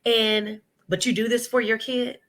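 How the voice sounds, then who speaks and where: A woman, talking in a casual interview with a bright, forceful tone and a voice that sits a little high. She tells her story with animation and often slips into the voices of people she quotes. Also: flat delivery, measured pace. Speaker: preschool owner and guest. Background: children nearby at home.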